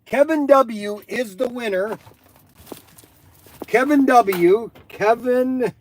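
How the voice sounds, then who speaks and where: A man hosting a live stream in casual chat, rambling and excitable with many fillers. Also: very high voice, slow, a little hiss or hum.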